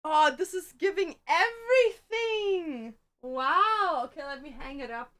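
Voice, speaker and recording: A young woman streaming, talking casually to her viewers in a very high, bright voice. She is excitable and slangy, with an unhurried delivery that laughs easily.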